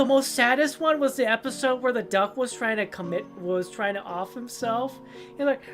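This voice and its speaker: A young woman streamer rambling casually about old cartoons and games, telling stories in an animated way and often breaking into silly voices. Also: a little high, brisk, soft background music. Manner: rambling, animated storytelling with goofy character voices. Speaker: livestreamer.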